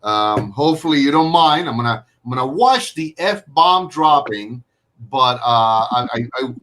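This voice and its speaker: A man's voice: medium pitch, lively intonation, measured pace, fairly bright tone, slight background noise. A man hosting a casual live video-call chat, rambling with frequent fillers and restarts. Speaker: host.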